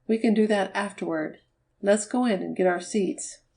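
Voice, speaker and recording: A woman's voice: medium pitch, normal speed, creaky, darkish tone, natural voice. A woman reading aloud, voicing an eager and persuasive young girl who begs to go out. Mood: eager pleading.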